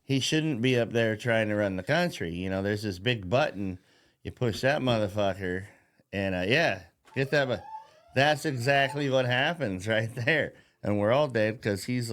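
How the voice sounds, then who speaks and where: A man hosting a podcast in a casual political rant, profane and rambling, mocking, and laughing at his own jokes. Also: on the low side. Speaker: podcast host.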